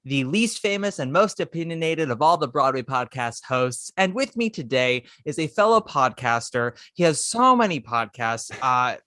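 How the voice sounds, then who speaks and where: Brief: male podcast host, bright tone, dry close recording, showy and opinionated. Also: medium pitch, lively intonation, normal speed, hardly any pauses, no echo. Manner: theatrical, opinionated, playful. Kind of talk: casual podcast chat.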